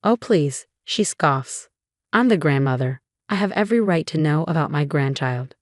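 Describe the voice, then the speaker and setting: A defiant, meddling grandmother who scoffs at boundaries, as a woman narrator puts her on. The voice sits a little low. The sound is dry and close. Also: expressive, normal speed, dry recording.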